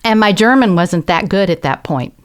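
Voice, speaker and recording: A woman's voice: medium pitch, normal speed, smooth. Southern woman telling a personal story. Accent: Southern American. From American South. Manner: earnest, reflective, animated storytelling with quoted voices. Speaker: guest. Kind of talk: conversational storytelling.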